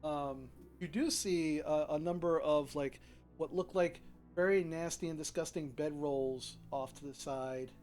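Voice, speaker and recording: A man narrating a tabletop game as game master, describing the scene with hesitant pauses. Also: a little high, a little mellow, faint music behind. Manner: hesitant, lots of ums and restarts while describing the scene.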